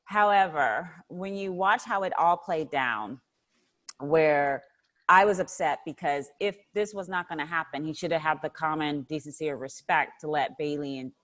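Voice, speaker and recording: Emotional lower-voiced woman co-host. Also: moderate pace, fairly bright tone. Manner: emotional, laughing, self-interrupting. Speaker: podcast co-host. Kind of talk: casual podcast chat.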